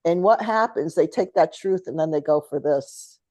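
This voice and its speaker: Middle-aged woman, low voice, mellow tone, chatty storyteller, dry close sound. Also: normal speed, no echo. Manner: storytelling, chatty, laughs often. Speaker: podcast co-host. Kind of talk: casual spiritual chat.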